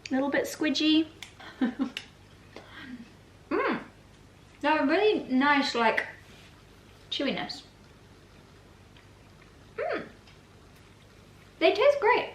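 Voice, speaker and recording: A woman's voice: high voice, lively intonation, extremely slow, pauses often, slight background noise. A woman vlogging casually in her home kitchen, chatty and self-mocking. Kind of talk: casual chat. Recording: roomy kitchen echo.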